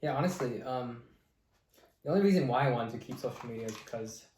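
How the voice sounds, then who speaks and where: A man's voice: medium pitch, expressive, fast talker, darkish tone, echoey room, a little hiss or hum, low-quality recording. A young man hosting a podcast, talking in a laid-back, slangy casual way. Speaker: podcast host. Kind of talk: casual chat.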